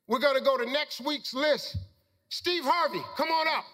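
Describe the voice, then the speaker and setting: Middle-aged male speaker, very high pitch, folksy preacher-style storytelling to an audience. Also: moderate pace, sharp tone, long reverb tail, slight background noise. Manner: folksy, preacher-like storytelling with Southern Black vernacular. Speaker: motivational speaker. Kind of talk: storytelling talk to a live audience.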